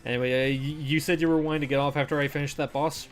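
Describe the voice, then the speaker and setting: A man's voice: fairly high pitch, flat delivery, racing, faint music behind. A man streaming a video game, chatting casually with lots of "like" fillers and goofy asides.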